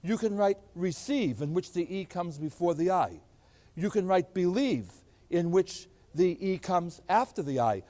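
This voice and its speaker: Animated, fairly high-voiced male math lecturer. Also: measured pace. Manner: animated, emphatic teacher. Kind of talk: classroom lecture.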